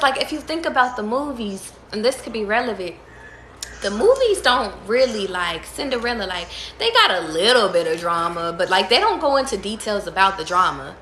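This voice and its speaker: A woman's voice: mid-range voice, expressive, normal speed, fairly bright tone, reverberant, a little hiss or hum. A woman giving casual tarot readings to her viewers, talking emphatically with lots of profanity, repeating and restarting her phrases. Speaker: tarot reader.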